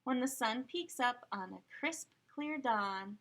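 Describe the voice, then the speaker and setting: Slow, bright, sing-song woman reading aloud. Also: a little high, slight background noise. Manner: animated, sing-song, with asides to children. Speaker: children's story time reader. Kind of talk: expressive read-aloud storytelling.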